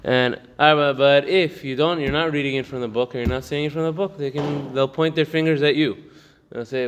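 A man's voice: on the high side, fairly even intonation, clear, resonant tone, big-room sound. A man giving a casual Torah class, reading a text aloud and explaining it in English, often laughing. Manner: reads quickly in Hebrew, then explains in English with laughs. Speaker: Torah teacher.

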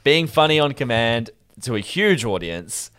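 A young man co-hosting a podcast tells stories in casual chat, animated and swearing, breaking into high mocking voices. He speaks a little slowly with a clean tone, in studio-quality audio with no room sound.

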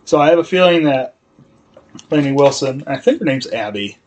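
A man's voice: medium pitch, expressive, normal speed, darkish tone, slight background noise, poor audio. A man co-hosting a podcast, rambling through a casual recap with fillers and acted-out dialogue. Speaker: podcast co-host. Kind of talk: casual chat recapping a TV episode.

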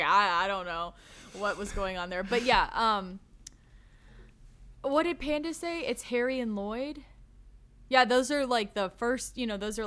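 A woman co-hosting a casual movie discussion, ranting in an animated, exasperated way with lots of "like". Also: fairly high pitch. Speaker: podcast co-host. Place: recorded live.

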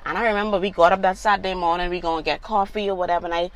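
A woman's voice: lowish voice, steady tone, rapid-fire, low-quality recording. A middle-aged woman, a mother talking casually with her grown son, reflective and full of "you know" fillers. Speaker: guest, mother of the host. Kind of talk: casual conversation.

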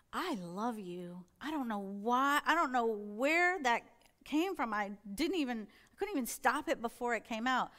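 A middle-aged woman with a slightly high voice gives a sermon-style testimony as a church elder. She speaks earnestly and with animation, slipping into quoted inner dialogue as she tells her story. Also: fairly bright tone.

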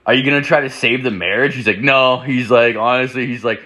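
A man's voice: medium pitch, steady tone, a little fast, pushed and bright. A young man casually telling a rambling, profane story about a friend, full of fillers and quoted back-and-forth.

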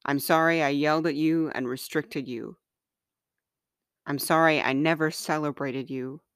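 A woman hosting a podcast and reading aloud from her own book in a gentle, measured, heartfelt way. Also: low-pitched, steady tone, smooth, dry recording, studio quality. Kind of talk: slow, earnest reading of personal writing.

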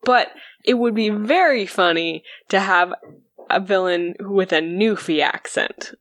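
A woman from Canada, a podcast guest chatting casually, relaxed and hesitant with fillers. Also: mid-range voice, a little slow, dry recording, studio quality. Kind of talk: casual chat.

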